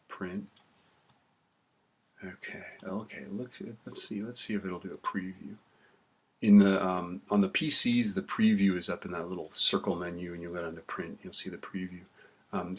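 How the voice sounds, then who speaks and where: A man's voice: sits low, husky. A male teacher casually talking through a spreadsheet lesson while typing, often checking in with "right?". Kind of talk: screen-recorded spreadsheet tutorial. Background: keyboard clicks and typing.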